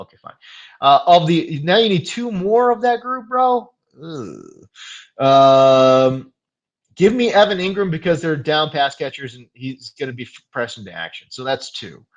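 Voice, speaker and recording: A young man talks casually and loosely, full of "dude" and "man" slang and frequent fillers, in a voice of middle pitch. He rambles, gets worked up fast and then laughs at himself. The audio is a little dull and lo-fi. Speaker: fantasy football show host. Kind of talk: casual live stream chat.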